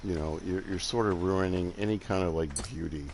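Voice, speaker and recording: An older man with a Southern accent, softened by years in the Midwest, rambles in a laid-back way as he plays a game. His voice sits low, and faint noise runs under it. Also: a little fast. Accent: Southern US with some Midwestern. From Alabama, southern United States. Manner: rambling, laid-back, chuckling, drifts off while building. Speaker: game streamer. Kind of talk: casual chat while playing.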